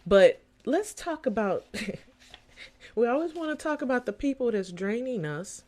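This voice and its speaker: A middle-aged woman hosting a solo podcast as a coach, talking casually and preaching with lively swings in her voice. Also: fairly high pitch, a little slow.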